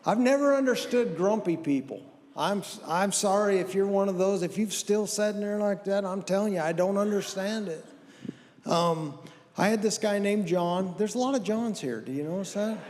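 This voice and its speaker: Middle-aged male comic, high voice, folksy self-deprecating storyteller in a reverberant church hall. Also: moderate pace, a little mellow, slight background noise. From American Southwest. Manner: folksy, self-deprecating, acts out others' lines. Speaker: stand-up comedian. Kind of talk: stand-up storytelling.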